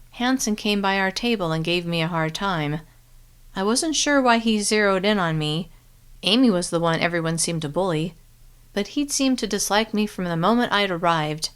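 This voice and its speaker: Woman narrator, audiobook reading, first person, slightly low voice, steady clear delivery.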